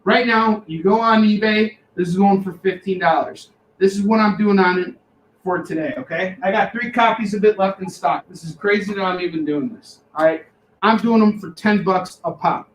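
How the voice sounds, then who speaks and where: A man co-hosting a live comic shop sales show, pitching deals in an excitable, loud way and shouting catchphrases. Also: moderate pace, echoey room, a little hiss or hum, rough recording.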